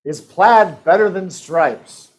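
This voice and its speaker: Heard on a low-quality recording, this high-voiced man hosts live-streamed trivia. He's upbeat and loose, throwing in joking asides and short bursts of laughter.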